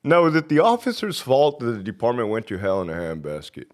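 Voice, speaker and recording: A man who is a former prison lieutenant hosting a vlog, ranting and rambling with profanity between long runs of viewer shout-outs. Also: mid-range voice, huge pitch swings, brisk.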